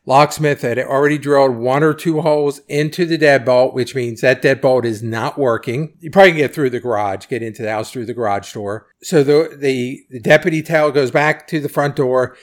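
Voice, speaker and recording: A man's voice: medium pitch, moderate pace, few pauses. A middle-aged man giving casual, opinionated commentary as a podcast host, acting out quotes in a raised voice.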